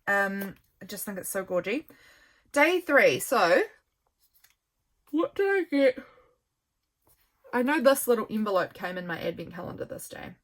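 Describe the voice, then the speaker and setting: Chatty tired new zealand woman vlogging. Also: mid-range voice. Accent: New Zealand English. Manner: chatty, rambling, warm asides to viewers. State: tired, yawning. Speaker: journaling vlogger. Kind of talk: casual flip-through chat. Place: home.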